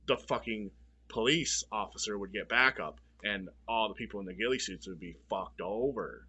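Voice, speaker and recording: Man, movie reviewer, bright edgy tone with a husky rasp; blunt, profane, fed-up rant. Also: lowish voice. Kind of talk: casual ranting review.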